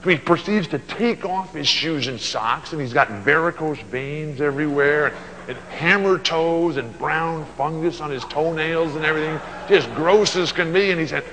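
Animated storytelling man, sixties, keynote speech, reverb from a large hall, faint hum. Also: fairly high pitch, moderate pace. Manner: animated, acts out voices in his stories. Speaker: motivational speaker. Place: banquet hall at a luncheon.

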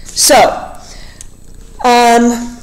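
A woman's voice: fairly high pitch, completely flat delivery, drawn-out words, low-quality recording. A woman talking through a novel in a casual way, reading passages aloud and explaining them with many fillers. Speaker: literature discussion host. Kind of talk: casual book discussion with read-aloud passages.

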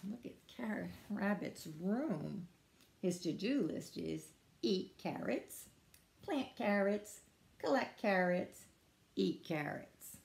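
A woman librarian reads a picture book aloud to small children, slowly and with a lively, rising and falling voice. Her tone carries a gravelly texture. The room is echoey. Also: medium pitch. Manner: slow, lively, questions to children. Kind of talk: preschool storytime reading.

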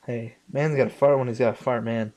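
A young man casually commenting on his game, muttering to himself and swearing loudly when things go wrong. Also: mid-range voice, steady tone. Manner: slow, muttering, swears often, bursts out loud at the game. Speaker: gaming channel host. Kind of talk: casual let's play commentary.

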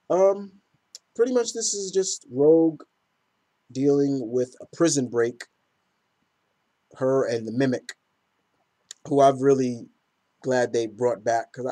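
Mellow-voiced man rambling casually. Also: medium pitch. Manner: rambling, enthusiastic, many fillers. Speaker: comic book reviewer. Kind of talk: casual review monologue.

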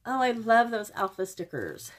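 A middle-aged woman from Oklahoma with a fairly high voice gushes over stickers and paper in an unboxing vlog, exclaiming and thanking over and over. Paper crinkles faintly behind her. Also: big pitch swings, moderate pace, a little hiss or hum. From Oklahoma, USA. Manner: gushing, effusive, exclaims often. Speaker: crafting vlogger. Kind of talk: happy mail unboxing vlog.

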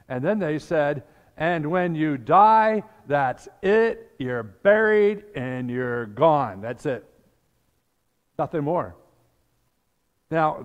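An older male pastor delivers a storytelling sermon, acting out the people in his scripture story. He talks at an unhurried pace, his voice sitting a bit high for a man. The sound carries a long reverb from the church sanctuary.

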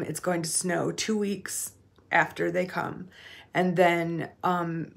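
A woman hosting a quilting vlog in a relaxed, rambling way. Her voice sits a little low and has a gravelly, fry-laden edge. She often turns to the viewers to ask what they think. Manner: chatty, meandering, asks viewers for opinions. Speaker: quilting channel host. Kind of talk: casual vlog chat.

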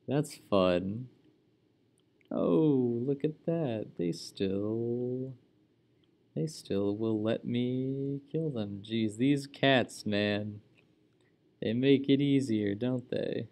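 Slow-talking man narrating his gameplay. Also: medium pitch, a little mellow. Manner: exclaims often, chatty running reactions. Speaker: gaming channel host. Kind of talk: casual let's-play commentary.

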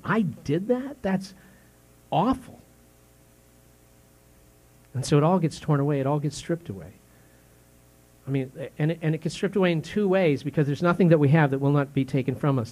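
A male pastor in his fifties preaching a sermon in a conversational, questioning way, full of restarts, softening on grave words and rising when indignant. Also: fairly high pitch. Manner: drops soft and slow on grave words, rises sharply when indignant.

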